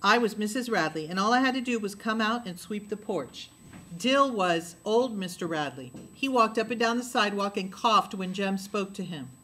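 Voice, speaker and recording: A woman narrating a novel aloud in a steady storytelling voice. Her tone is bright and forward, with a middle pitch. She lowers her voice for the dialogue tags. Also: normal speed. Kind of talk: audiobook reading of a novel.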